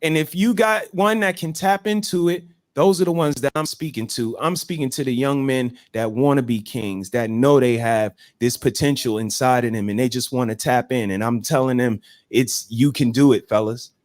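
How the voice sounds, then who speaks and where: A man's voice: medium pitch, normal speed, few pauses, dry recording, clean studio sound. A man hosting a live stream, talking emphatically like a preacher and repeating phrases. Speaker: show host. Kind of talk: motivational chat on a live stream.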